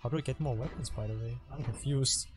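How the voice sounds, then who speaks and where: A man talks loosely over his gameplay, drifting between jokes and complaints in a rambling, self-mocking way. His voice sits at an ordinary middle pitch for a man. Game music runs clearly beneath him. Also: quick pace. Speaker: gameplay commentator. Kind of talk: casual gaming commentary. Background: game music and effects.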